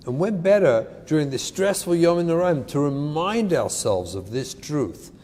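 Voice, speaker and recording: Earnest guy preaching about parenting, high voice that jumps around a lot, echoey hall. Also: sing-song, measured pace, a little mellow. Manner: earnest, emphatic, mixes in Hebrew terms. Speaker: parenting speaker. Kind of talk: inspirational parenting talk. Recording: echoey hall, faint noise.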